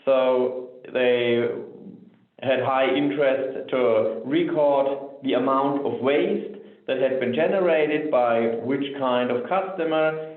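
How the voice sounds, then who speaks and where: A man delivers a technical webinar presentation at an ordinary mid pitch, pacing his points with "so" and "um". His voice comes through a thin, telephone-like line. A roomy echo hangs around every word. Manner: measured, frequent "so" and "um" fillers. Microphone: remote webinar audio.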